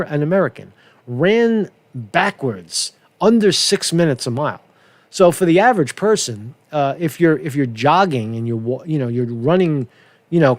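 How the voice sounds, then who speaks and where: A man's voice: a little high, dry recording. A man hosting a casual political commentary show, rambling and profane with many restarts.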